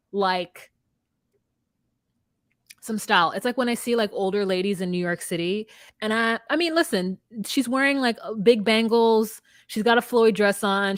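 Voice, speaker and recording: A woman co-host talks casually and firmly, giving opinions with quick asides. Her voice is recorded dry and close, with no room sound. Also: medium pitch, fairly bright tone, no echo. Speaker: podcast co-host. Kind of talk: casual recap chat.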